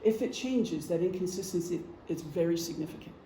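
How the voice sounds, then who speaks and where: A middle-aged man with a high, brisk, warm voice gives an informal talk to a group in a meeting room. He speaks conversationally, offering examples and saying "um" often. The recording has an echoey room and a faint hum.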